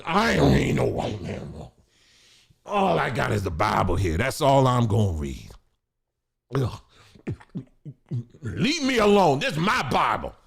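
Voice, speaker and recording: A man's voice: medium pitch, huge pitch swings, a little slow, gravelly, husky, exaggerated voice. A man voicing a stubborn middle-aged churchgoer who refuses all books, talking in a defiant, whiny, dismissive way.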